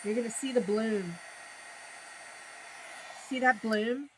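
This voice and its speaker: A woman's voice: fairly high pitch, slow, noisy background. A middle-aged woman teaching a live watercolor painting class, chatting and explaining each step as she works at her desk. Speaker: watercolor instructor.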